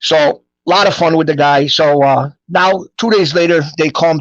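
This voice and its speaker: This is a middle-aged man, spinning stories from his past in a relaxed, animated way. He slips into the voices of the people he quotes as he goes. His slightly high voice sounds close and dry, with a dull, muffled tone to the recording. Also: moderate pace, no room sound. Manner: animated storyteller who acts out quoted voices. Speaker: guest telling his life story. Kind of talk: casual storytelling.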